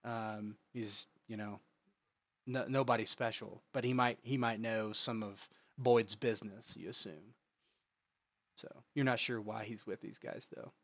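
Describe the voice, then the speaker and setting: A man's voice: on the low side, steady tone, a little slow, a bit bright, no room sound. Rambling man narrating a tabletop game. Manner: rambling, with many fillers and restarts. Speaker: game master.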